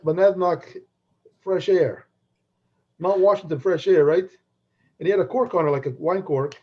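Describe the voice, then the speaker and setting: A middle-aged man co-hosting a podcast, telling rambling anecdotes full of restarts and laughs. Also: on the high side. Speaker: podcast co-host. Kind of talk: casual chat, storytelling. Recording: dull lo-fi sound.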